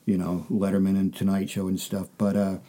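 Male comedian guest from the United States, dry anecdotal delivery, low warm tone. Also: monotone, a little fast. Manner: dry storytelling, acts out quoted voices. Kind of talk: casual interview chat.

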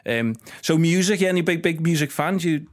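A man's voice: a little high, lively intonation, fairly quick. A man hosting a casual interview, friendly and hesitant, often repeating words as he asks questions. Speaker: podcast host.

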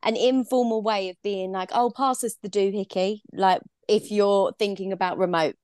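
A British woman co-hosting a podcast in casual chat, telling stories in a lively way. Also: mid-range voice, normal speed, smooth, dry recording, clean studio sound. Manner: lively storyteller. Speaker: podcast co-host.

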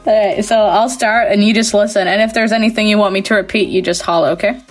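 A woman's voice: mid-range voice, steady tone, quick pace, faint music behind. A woman hosting a sports podcast, upbeat and friendly, reading a guest's career introduction. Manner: upbeat and friendly, reads player bio. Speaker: podcast host. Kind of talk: podcast interview, partly read intro.

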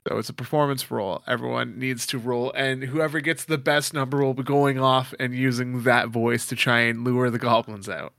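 A man acting as dungeon master of a tabletop game, lively and quick to laugh as he directs the players. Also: medium pitch, creaky, dry recording, clean studio sound.

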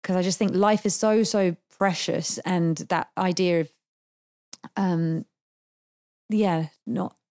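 A woman hosting a podcast interview, chatting frankly, swearing freely and cracking dark jokes. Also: lowish voice, fairly even intonation, takes it slowly, pauses often. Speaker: podcast host. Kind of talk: casual conversational interview.

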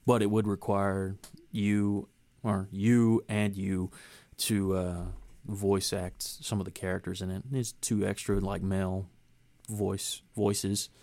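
A man's voice: low-pitched, takes it slowly, no echo. Rambling, casual podcast host, a man. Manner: rambling, filler-heavy, relaxed. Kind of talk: casual chat among friends.

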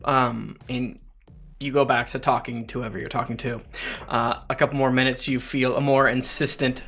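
A man narrating a tabletop game as game master, improvising with many halting restarts. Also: medium pitch, little pitch movement, vocal fry, fairly bright tone, slight background noise.

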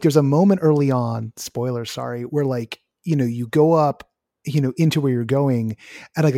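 A man's voice: on the high side, a little mellow, dry recording, clean studio sound. A man co-hosting a podcast, rambling and laughing a lot, a bit loopy after a flu shot. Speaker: podcast co-host. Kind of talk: casual chat.

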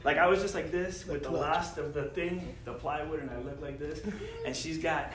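A man telling a comic story, animated and laughing as he goes, with plenty of slang. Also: fairly high pitch, normal speed, noisy background. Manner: animated, laughing through his lines, slangy with lots of "bro". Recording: roomy sound with loud audience laughter.

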